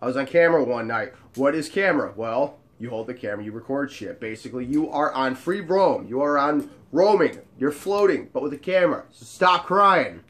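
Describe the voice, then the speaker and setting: A man hosting his own show, telling a casual, animated story with jokes and frequent swearing. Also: medium pitch, a little fast, hardly any pauses. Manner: animated and joking, with frequent profanity. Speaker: show host telling bar stories.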